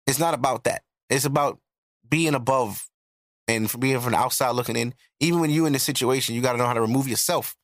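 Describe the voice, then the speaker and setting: A man's voice: medium pitch, brisk, dry recording, clean studio sound. A man in his thirties, a podcast host, telling a personal story in a blunt, profane, reflective way. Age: 30s. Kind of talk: casual storytelling.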